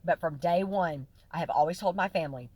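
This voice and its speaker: A woman's voice: on the low side, brisk, darkish tone, no room sound. A woman vlogging casually to her followers, chatty and folksy, often swinging between laughing and tearful. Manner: chatty, folksy, lots of fillers and "y'all". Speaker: vlogger sharing her health journey. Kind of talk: casual direct-to-camera chat.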